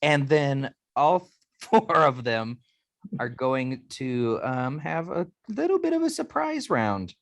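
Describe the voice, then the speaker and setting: A man's voice: mid-range voice, very animated, slow, gravelly, no room sound. A man narrating as game master of a tabletop game, easygoing and full of fillers.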